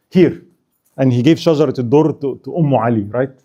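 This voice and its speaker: Speaking briskly in a warm, mid-range voice, a man lectures casually on history at an Islamic center, with the highs cut off in the audio. He often asks listeners "right?" and trades jokes and laughter with them.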